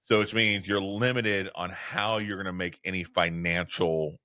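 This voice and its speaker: A lowish, bright, forward-sounding man co-hosting a podcast. He rambles through a casual chat, swearing freely and laughing often. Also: steady tone, moderate pace. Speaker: podcast co-host.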